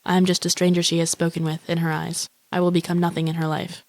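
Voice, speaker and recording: Woman playing a young woman, morbid inner monologue, deadpan, monotone, profane, self-absorbed, film voice-over. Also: on the low side, fast, no echo, natural voice. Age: young adult. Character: lonely, grandiose, morbid young woman wishing for a shark.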